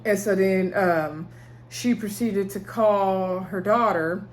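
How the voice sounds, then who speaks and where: Vlogger, woman, casual recap to camera, animated, frequent laughs, lots of fillers. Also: slow. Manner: animated, high-pitched exclamations. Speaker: TV episode reviewer. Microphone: talking to camera.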